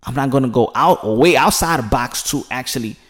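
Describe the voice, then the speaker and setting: A man giving passionate, preachy commentary in a vlog, swinging from hushed to loud and emphatic. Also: medium pitch, a little fast. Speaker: commentary vlogger.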